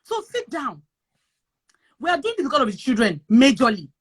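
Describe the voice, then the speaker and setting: A Nigerian woman with a high-pitched voice talks in casual chat. She is emphatic and repetitive, hammering her points home like a preacher. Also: very animated, normal speed, breathy edge. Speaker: guest sharing advice on moving abroad.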